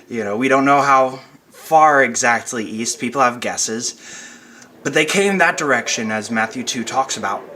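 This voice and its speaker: A man's voice: medium pitch, pushed and bright, slight background noise. A young man speaking as a pastor in a chatty, casual devotional talk, with fillers and light laughs, recorded at home. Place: at home, wind outside.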